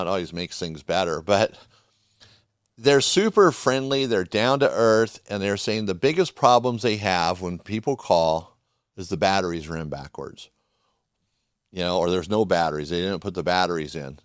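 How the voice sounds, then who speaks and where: A man's voice: low voice, moderate pace, smooth, no echo, studio quality. A man hosting a podcast, chatting casually and folksily about gear, rambling with restarts. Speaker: podcast host. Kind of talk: casual product talk.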